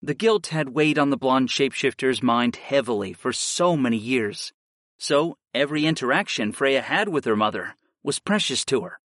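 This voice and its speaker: A man reading a first-person story aloud in an expressive audiobook style. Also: medium pitch, moderate pace, dry recording, clean studio sound. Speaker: narrator.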